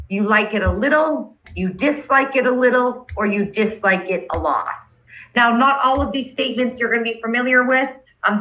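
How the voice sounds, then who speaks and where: A woman's voice: on the high side, sharp tone, lo-fi sound. A woman instructor walking a class through steps over a video call, patient and checking in with "okay?" as she goes. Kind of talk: online class walkthrough.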